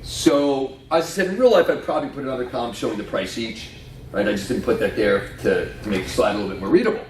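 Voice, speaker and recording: A man's voice: medium pitch, fast talker. Guy presenting at a conference, playful, quizzes the crowd, roomy echo, sounds far off from the mic. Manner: lively, joking, quizzes the audience. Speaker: conference speaker. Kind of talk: conference talk. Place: conference room. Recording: echoey hall from far off, faint noise.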